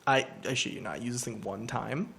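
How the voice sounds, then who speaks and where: A man, a podcast guest, telling a story in casual chat, animated, laughing and acting out quotes. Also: mid-range voice, brisk, gravelly.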